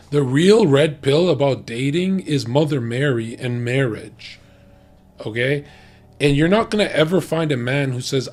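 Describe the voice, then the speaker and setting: A man's voice: mid-range voice, lively intonation, a little slow, pauses often, a little mellow. A man talking bluntly and profanely in a heated, ranting casual chat about dating. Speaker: podcast guest giving dating opinions.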